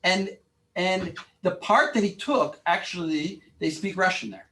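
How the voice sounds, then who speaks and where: A man teaching a class, arguing his opinions in an animated, informal way with many restarts. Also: high voice, a little slow. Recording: voice from far off in a classroom.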